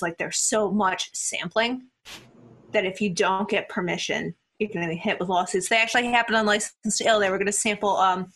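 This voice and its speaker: A young woman co-hosting a casual music podcast, animated and quick with jokes and asides. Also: medium pitch. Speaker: podcast co-host. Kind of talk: casual album review chat.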